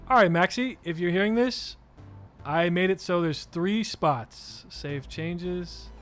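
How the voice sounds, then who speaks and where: A man's voice: high voice, takes it slowly, a bit bright, faint music behind. A man co-hosting a casual podcast while playing a game, joking around and slipping into silly voices for bits. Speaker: podcast co-host. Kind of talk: casual chat while gaming.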